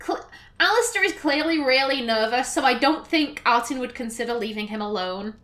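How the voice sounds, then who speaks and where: A woman's voice: fairly high pitch, lively intonation, moderate pace, fairly bright tone. A woman with a Northern English accent, chatting and musing aloud as she plays a game. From Northern England. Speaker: let's play host. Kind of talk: gameplay commentary.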